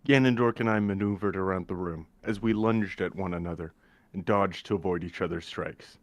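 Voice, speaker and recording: Low-voiced man narrating action, dry sound. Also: a little fast, dry recording. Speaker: player narrating his character. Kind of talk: first-person story narration in a tabletop game.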